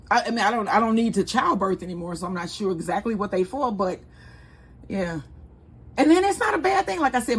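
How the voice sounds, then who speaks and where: A woman's voice: mid-range voice, slightly rough. A woman, chatting casually and rambling as she hosts a home cooking vlog. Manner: chatty, rambling, laughs easily. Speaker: cooking channel host.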